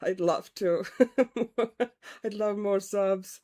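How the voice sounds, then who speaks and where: At home, a woman from Estonia hosts a casual livestream, chatting with her viewers in a medium-pitched, dark-toned voice that draws out her words. Her accent is vaguely European with a slight Irish twang, and she's chatty, greeting viewers and laughing often.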